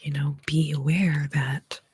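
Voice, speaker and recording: Breathy whispering woman, slow ASMR chat. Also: low voice, fairly even intonation, darkish tone, no room sound. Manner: rambling, chatty, drops to near-inaudible whispers. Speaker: ASMR host.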